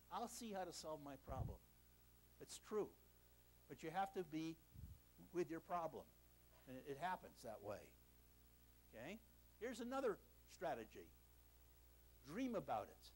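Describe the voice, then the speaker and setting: An older man giving a university lecture in a lecture hall, telling stories with a self-deprecating sense of humor. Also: high-pitched.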